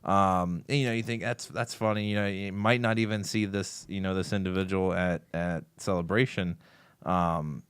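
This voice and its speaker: Podcast co-host: man, low voice, dry close sound, animated storyteller. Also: normal speed, smooth, no echo. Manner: animated storytelling, acting out quotes. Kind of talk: casual fan chat.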